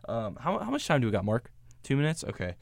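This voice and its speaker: A man hosting a radio interview show, asking questions in relaxed, chatty talk with frequent fillers. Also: mid-range voice, fast talker, creaky, no echo. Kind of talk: casual interview chat.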